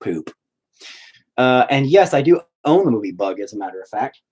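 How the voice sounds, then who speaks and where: A man's voice: mid-range voice, sing-song, normal speed, darkish tone, husky. Guy rambling on his stream, swears a ton, laid-back chat with his viewers. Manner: profane, rambling. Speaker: live-stream host. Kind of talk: casual live-stream chat.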